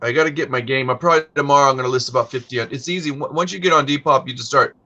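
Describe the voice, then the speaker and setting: A man hosting a casual resale chat stream, animated and telling stories, acting out the people he quotes. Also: medium pitch, racing, lo-fi sound. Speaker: host.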